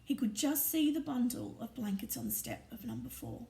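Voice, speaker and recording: A woman reading a storybook aloud in an expressive, often hushed narrating voice. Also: fairly high pitch, normal speed, gravelly. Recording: roomy echo, distant mic, faint ambience.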